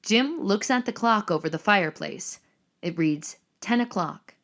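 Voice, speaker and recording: A woman narrating the action lines of a screenplay reading in a measured, descriptive way. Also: medium pitch, animated, a bit bright.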